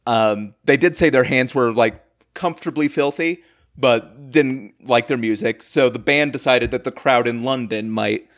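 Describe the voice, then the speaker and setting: A man's voice: mid-range voice, normal speed. A man hosting a comedy history podcast, rambling through a made-up story with lots of fillers and chuckles. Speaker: podcast host.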